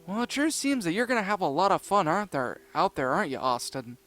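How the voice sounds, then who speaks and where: A relaxed, friendly cartoon boy who reassures his pal, voiced by a male reader. The tone is easy and lively in pitch, with faint music underneath. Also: fast. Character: friendly, easygoing young male cartoon character.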